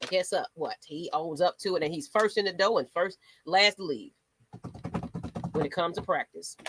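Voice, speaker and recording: On the low side and at normal speed, the host's fairly bright voice comes with a faint hiss or hum. She runs a sports fan channel and rants with sassy drama, doing mock voices as she comments.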